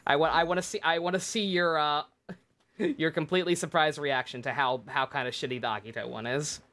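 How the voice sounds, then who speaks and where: A woman's voice: low voice, steady tone, a little fast, fairly bright tone. A woman livestreaming a game, chatting casually in a rambling way with many restarts and frequent swearing. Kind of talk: casual gameplay commentary.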